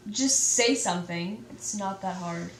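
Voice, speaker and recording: A woman's voice: mid-range voice, measured pace, far from the mic. A teenage girl in casual chat, rambling and saying "like" constantly as she complains. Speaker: co-host. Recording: echoey room from off-mic.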